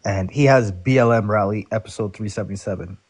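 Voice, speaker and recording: A man's voice: lowish voice, fast talker, darkish tone, husky. A man on a live debate panel, pushing back earnestly and stumbling over restarts.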